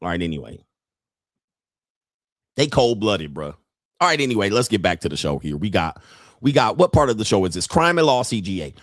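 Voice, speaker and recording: A man hosting a crude, comedic livestream commentary show, profane and quick to laugh. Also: lowish voice, no room sound, clean studio sound. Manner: animated, profane, laughs often. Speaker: host and dating coach.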